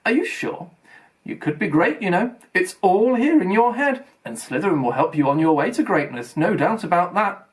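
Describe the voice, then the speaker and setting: A man reading an audiobook aloud, voicing a sly old talking magic hat in a hushed, drawn-out way. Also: sits high, very animated, voice pushed up. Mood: musing.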